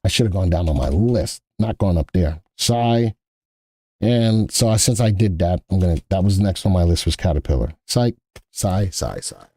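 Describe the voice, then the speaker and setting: A man's voice: sits low, moderate pace, mellow. A man hosting a live stock market stream, chatting casually and thinking aloud as he works, often repeating himself.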